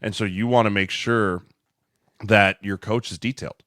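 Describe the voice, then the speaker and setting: A man with a very low, deep voice talks through his points in a casual podcast chat, steady and earnest. He checks in with the listener as he goes, and the sound is dry and close, with no room around it. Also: normal speed, dry recording. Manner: earnest, explanatory, tags lines with "right?". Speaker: podcast co-host, former offensive lineman.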